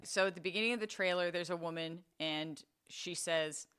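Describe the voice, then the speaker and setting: A woman's voice: fairly low pitch, moderate pace, few pauses, a bit bright, smooth. A young adult woman co-hosting a podcast in casual chat, chatty and laughing often. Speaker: podcast co-host.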